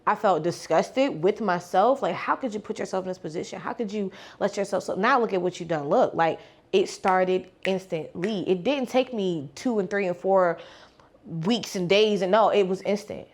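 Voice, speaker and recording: Animated young woman sharing a testimony. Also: medium pitch, normal speed. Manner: animated, acts out quoted dialogue, casual slang. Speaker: faith vlogger and life coach. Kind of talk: personal testimony storytelling.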